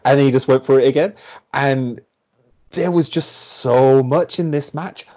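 A man co-hosting a casual podcast, rambling and animated and full of fillers. His voice sits at a middling pitch for a man. The recording sounds muffled and lo-fi. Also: measured pace. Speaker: podcast co-host.

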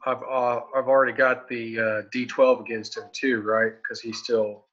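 A man's voice: medium pitch, level tone, moderate pace, a bit bright, lo-fi sound. A man playing a tabletop game, chatting casually and thinking aloud as he counts his dice.

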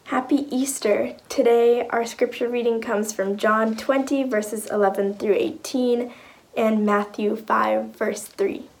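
A woman reading scripture aloud in a clear, measured way during a church service. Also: on the high side, steady tone, rough recording. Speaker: scripture reader.

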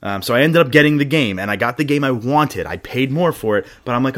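A man co-hosting a casual podcast, ranting as he tells a story with animated frustration. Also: medium pitch, fast. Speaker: podcast co-host. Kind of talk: casual chat.

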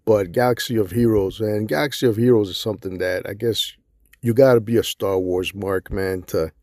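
A man on a podcast talking casually and relaxed, swearing freely. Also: lowish voice, moderate pace, dry recording, clean studio sound. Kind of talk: casual chat.

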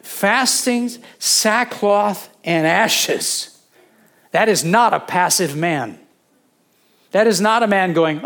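A man's voice: high-pitched, animated, slow pace, a bit bright. Man preaching a conversational Bible sermon. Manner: teaching, quizzing the congregation; conversational, with asides and self-corrections. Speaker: pastor.

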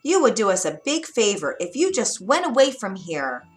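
A woman voicing a group of mean young ducklings in a storybook, taunting and yelling. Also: mid-range voice, very animated, normal speed, soft background music, natural voice.

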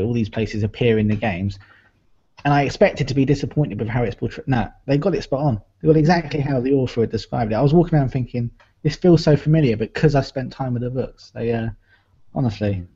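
A man with a husky, slightly breathy voice joins a casual podcast chat. He sounds enthusiastic and a little halting, and the audio is dull and lo-fi. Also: mid-range voice, mellow.

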